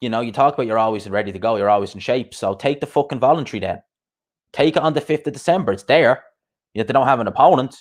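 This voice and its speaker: A man's voice: mid-range voice, fast. A man hosting a boxing live stream, ranting bluntly and profanely with lots of rhetorical questions. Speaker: boxing podcast host. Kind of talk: casual live stream rant.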